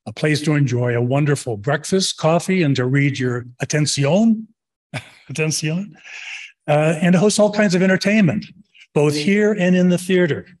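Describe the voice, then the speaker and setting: A man's voice: a little high, normal speed. A man introducing guest speakers at a club meeting, chatty and stumbling over names and Spanish words.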